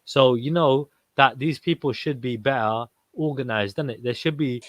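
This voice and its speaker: A man's voice: medium pitch, moderate pace, dry recording. A British man hosting a casual livestream panel, talking in street slang with lots of swearing and "you know what I mean".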